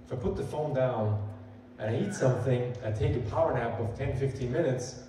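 A man's voice: mid-range voice, a little fast, warm tone, slight background noise. A male pastor giving a sermon, earnest and conversational, building emphasis as he quotes scripture. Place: church sanctuary. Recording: echoey hall, voice from far off.

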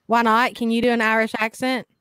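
A woman's voice: a little high, flat delivery, a little fast, fairly bright tone, clean tone, no room sound, clean studio sound. A woman guest on a livestream panel, chatting over a video call in a blunt, teasing way. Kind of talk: casual livestream chat.

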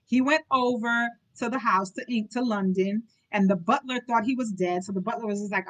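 A woman's voice: on the high side, a little fast, hardly any pauses, low-quality recording. A woman hosting a live book club reading, reading aloud and breaking off into informal, chatty commentary.

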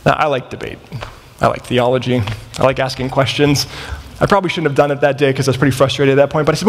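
A man in his thirties giving a storytelling sermon in a large college chapel, animated and acting out the dialogue. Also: medium pitch, fast talker. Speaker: chapel speaker. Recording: long reverb of a large chapel hall.

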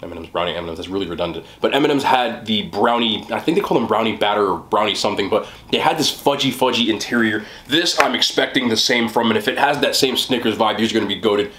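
A man's voice: fairly low pitch, fast, few pauses, a bit bright, reverberant, slight background noise. A man hosting a casual food review video, talking in an enthusiastic, chatty, rambling way. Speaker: mukbang host.

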